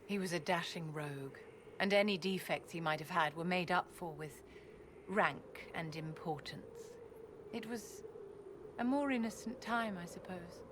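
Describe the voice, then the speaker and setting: A woman's voice: lowish voice, noisy background, close to an everyday voice. A woman voicing a poised aristocratic court mage. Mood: grieving. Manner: refined, measured, composed. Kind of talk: video game dialogue.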